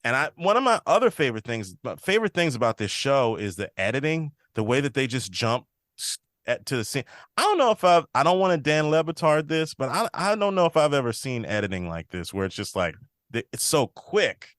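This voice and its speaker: A man's voice: mid-range voice, sing-song, fairly quick, fairly bright tone, no echo, clean studio sound. A man hosting a podcast, casually recapping a TV episode and quoting the characters' lines as he goes. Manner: retells scenes, quoting characters in a slightly shifted voice. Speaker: podcast host.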